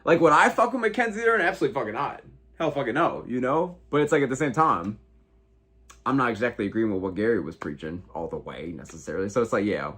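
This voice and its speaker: A man's voice: medium pitch, lively intonation, fast, pushed and bright, husky. An American man in his twenties hosting a casual livestream, reading viewer comments and reacting with slangy, heavy swearing. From United States. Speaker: livestream host.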